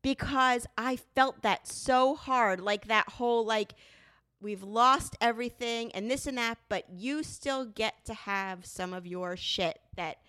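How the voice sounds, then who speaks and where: A woman co-hosting a casual podcast with her partner, talking candidly and profanely, telling stories with animated asides. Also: on the high side, takes it slowly, smooth, no room sound, studio quality. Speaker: podcast co-host. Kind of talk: casual couple podcast chat.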